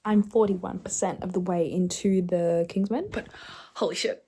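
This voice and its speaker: A young woman, chatting excitedly at home in a casual reading vlog, often dropping into whispers, recorded on her camera's built-in mic. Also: medium pitch, a little fast, slightly rough. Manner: excitable, gushing, drops into whispers. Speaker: book vlogger. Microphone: camera mic, no external microphone.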